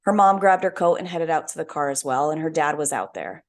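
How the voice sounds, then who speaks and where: A young woman talks alone as a podcast host, earnest and heartfelt as she tells a story. Her voice sits a little low and carries a gravelly edge throughout. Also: expressive, fairly quick. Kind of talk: reflective solo talk.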